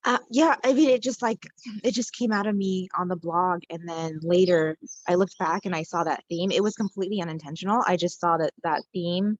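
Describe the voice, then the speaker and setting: A woman's voice: on the low side, brisk, no room sound, dull audio. A woman author answering interview questions, hesitant, with many ums and likes. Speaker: guest author.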